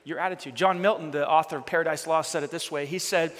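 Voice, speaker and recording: A man preaching a sermon as pastor, swinging between loud emphatic bursts and quiet storytelling. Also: fairly high pitch, fairly even intonation, fast talker. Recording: long hall reverb.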